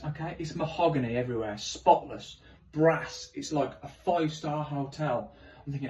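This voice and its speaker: A man doing animated, self-mocking stand-up storytelling on stage. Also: a little high, normal speed, recorded from a distance, a little hiss or hum, low-quality recording. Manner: animated, self-mocking, swings into loud exclamations. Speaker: stand-up comedian.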